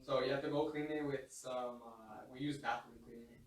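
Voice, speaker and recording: A man's voice: medium pitch, fairly even intonation, moderate pace. Young guy telling crazy work stories, cussing a ton, echoey room, mic kinda far. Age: young adult. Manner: swears a lot, laughs while telling stories. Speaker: podcast guest. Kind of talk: casual storytelling chat.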